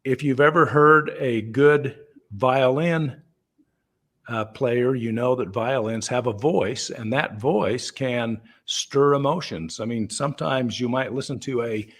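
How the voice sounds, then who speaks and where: A man's voice: medium pitch, takes it slowly, fairly bright tone. A man founder explaining things in a conversational call, easygoing and chatty, with fillers and restarts. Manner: acts out everyday dialogue in the voices of the people in his examples. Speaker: company founder answering questions.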